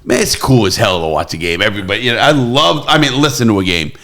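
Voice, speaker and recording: Animated rambling middle-aged man. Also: lowish voice, quick pace. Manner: rambling storyteller, animated impressions. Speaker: podcast host. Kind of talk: casual chat.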